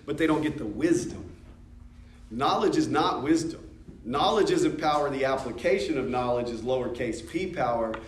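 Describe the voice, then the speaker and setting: An American man leads a church class in a loose, conversational way, tossing questions to the room. His voice sits a little high. He is picked up from a distance in an echoey room with faint background noise. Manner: conversational, asks the class questions, jokes and laughs. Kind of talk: informal teaching talk.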